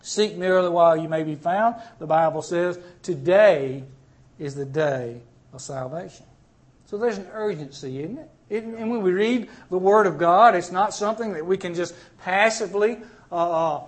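A man preaching a sermon, dropping to low murmurs and then rising to loud, pleading cries.

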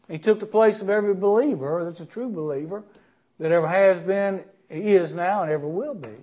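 A man preaching a sermon in an earnest, emphatic way, stressing key words loudly and then dropping quiet. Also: high voice, a little fast. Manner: earnest, emphatic, swings between loud stresses and quiet drops.

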